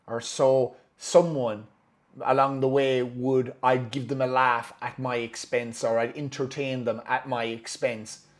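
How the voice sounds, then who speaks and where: A man telling a personal story in a candid, profane and emotional way, acting out his own thoughts as he goes. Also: medium pitch.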